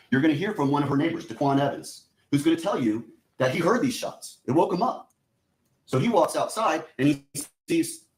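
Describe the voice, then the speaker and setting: A man, a prosecutor, giving an opening statement in a courtroom, speaking straight to the jury and walking them step by step through what they will see and hear. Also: medium pitch. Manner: addresses the jury directly, repeating "you're gonna".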